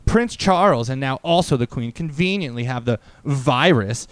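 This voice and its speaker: A man's voice: medium pitch, lively intonation, moderate pace, few pauses, clean tone, no echo. A man co-hosting a casual podcast, reading a chain message aloud in a mock-dramatic way and bossing his co-host.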